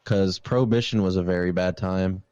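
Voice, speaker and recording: A man's voice: low voice, fairly even intonation, moderate pace, warm tone, no echo, highs cut off. A young man hosting a casual podcast chat, talking in a laid-back, rambling way with fillers. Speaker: podcast host.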